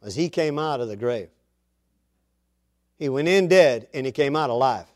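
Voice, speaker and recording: A man preaching a sermon, reading scripture aloud and swelling louder on the quoted words. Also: mid-range voice, animated, normal speed.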